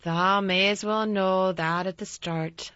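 A woman's voice: mid-range voice, steady tone, slow, bright, forceful tone, dry recording. A woman voicing a timid, kindly young housemaid. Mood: warm. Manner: broad dialect, nervous faltering. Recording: slightly dull dry recording.

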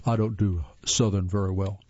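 A man's voice: sits low, steady tone, moderate pace, darkish tone, slight background noise. A man from the northern United States reading articles aloud as a host, earnest, with spoken asides and occasional stumbles. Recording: slightly dull lo-fi sound.

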